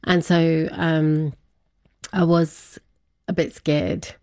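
A woman's voice: deep voice, little pitch movement, extremely slow, a little mellow. A woman guest recounting a personal family story in casual conversation, laughing often and acting out what people said. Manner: chatty, laughs often, acts out quotes. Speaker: interview guest.

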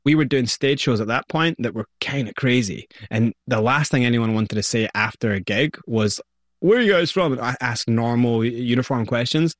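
A man's voice: medium pitch, normal speed, hardly any pauses, no room sound, studio quality. A man with a Scottish accent, a guest in an interview, telling his story with energy and acting out what people said. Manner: energetic, vivid storyteller who acts out quotes.

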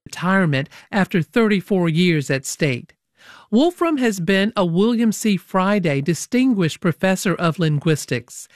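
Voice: medium pitch, animated, unhurried, dry recording, studio quality. A radio host reading an introduction and chatting, with light laughs. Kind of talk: radio interview.

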